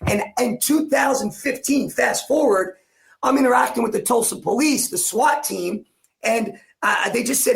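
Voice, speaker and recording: A man's voice: extremely high pitch, normal speed, creaky. A man in his forties from New Jersey, a coach telling an emotional personal story as a podcast guest, intense and repetitive, acting out the lines he quotes. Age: 40s.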